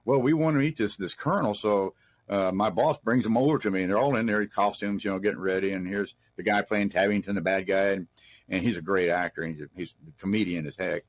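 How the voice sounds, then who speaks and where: A middle-aged Texan man, a guest in an interview, spins rambling, folksy anecdotes full of restarts. His voice sits low with fairly even intonation, and he talks briskly in a casual storytelling way.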